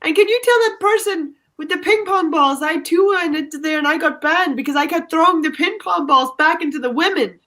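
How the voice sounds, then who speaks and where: A woman's voice: very high voice, fairly quick, hardly any pauses, pushed and bright. A woman playing a crude, touchy caller with a put-on Dutch accent in an improvised comedy radio call. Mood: brash.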